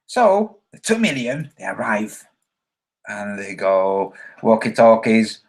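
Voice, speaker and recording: A man's voice: big pitch swings, slow, breathy edge. A man hosting a casual livestream, rambling and joking, reading viewer comments aloud and acting out quoted voices. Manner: acts out quoted voices with big pitch jumps. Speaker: livestream host.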